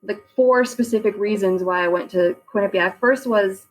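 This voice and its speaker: A Long Island, New York woman in her forties, a real estate agent, is a guest on a podcast, laughing often in casual interview chat. Her mid-range voice moves at a moderate pace over faint background music, and the audio is poor.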